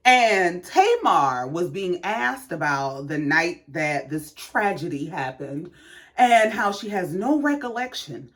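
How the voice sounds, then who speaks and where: A woman's voice: lowish voice, a bit bright. A woman hosting a casual gossip commentary show, telling the story in a sassy, profane way. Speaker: host.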